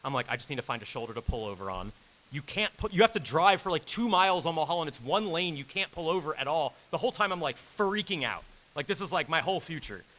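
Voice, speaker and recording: A man in his thirties telling an animated story on a convention panel, acting out the quotes with big jumps in pitch and laughing as he goes. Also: quick pace, poor audio. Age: 30s. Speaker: game director on a convention panel. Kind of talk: animated storytelling to a live audience.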